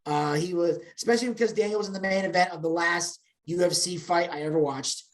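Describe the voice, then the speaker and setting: A woman co-hosting a podcast in casual chat, opinionated and blunt, talking in quick bursts full of restarts. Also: on the low side. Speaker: podcast co-host.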